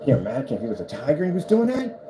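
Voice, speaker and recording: A man's voice: mid-range voice, wildly swooping pitch, very fast, warm tone. A man who runs a small screen business, chatting casually in his workshop, preaching about faith and then cooing playfully at his cat. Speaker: projector screen business owner. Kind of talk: casual vlog chat. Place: indoor workshop with boxes and desk. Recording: noisy room background.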